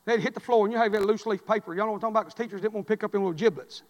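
High-voiced preacher in a reverberant hall. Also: male voice, very fast, lo-fi sound. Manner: folksy storytelling, swinging between loud cries and low murmurs. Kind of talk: sermon.

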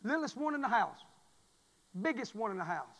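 A high-pitched man preaches in a church, his voice trailing off in a long hall reverb. He tells folksy stories and swings from quiet asides up to loud shouted refrains. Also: very animated, fairly quick. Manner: folksy, storytelling, rising to shouts. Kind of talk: sermon. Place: church sanctuary.

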